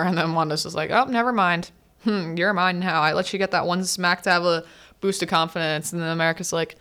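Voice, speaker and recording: Her voice is lowish, a bit bright, clear and resonant: a young adult woman hosting a student podcast. Chatting casually, she laughs while summarizing a film and acting out lines from its characters.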